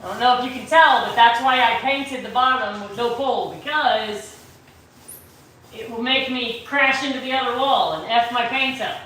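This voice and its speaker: A woman's voice: on the high side, moderate pace, fairly bright tone, a little hiss or hum. A woman vlogging casually while painting a kitchen, chatty and joking, swearing now and then. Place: empty house kitchen. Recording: echoey room from far off.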